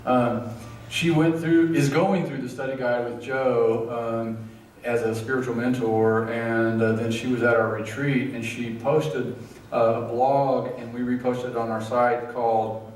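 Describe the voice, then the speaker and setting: A man leading a church study group, talking in a halting way with many fillers, and at times emotional. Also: mid-range voice, level tone, darkish tone, a little hiss or hum. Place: church hall. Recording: echoey room, far from mic.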